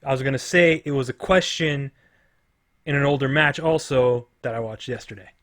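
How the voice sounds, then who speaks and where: A man's voice: medium pitch, fairly bright tone. Casual man reacting to trivia at home. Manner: casual, reactive asides and quick guesses. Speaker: streamer playing along with a trivia show. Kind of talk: casual play-along reaction.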